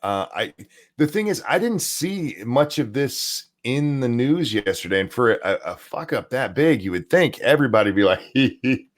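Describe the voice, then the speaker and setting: A man's voice: mid-range voice, big pitch swings, normal speed. A man co-hosting a casual political talk stream, speaking hesitantly and searching for his words. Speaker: co-host of a news talk stream.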